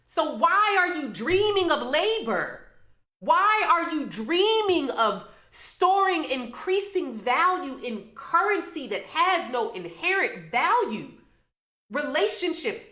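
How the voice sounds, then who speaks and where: A woman's voice: high voice, pushed and bright. Impassioned woman in an echoey room. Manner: impassioned, preachy, rhetorical questions. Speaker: astrology and tarot reader. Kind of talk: livestreamed monologue to viewers. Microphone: camera mic on a livestream.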